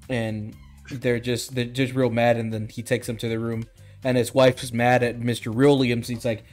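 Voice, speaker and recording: A man's voice: mid-range voice, fairly even intonation, normal speed, a little mellow, soft background music. A man on a podcast casually recapping a movie, rambling and acting out the characters' lines. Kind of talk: casual movie review chat.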